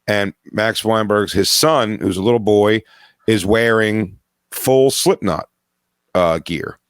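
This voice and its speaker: A man's voice: on the low side, slow pace, clear, resonant tone, dry recording, clean studio sound. A man hosting a podcast, chatting casually and wryly, telling a rambling story. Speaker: podcast host. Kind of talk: casual chat.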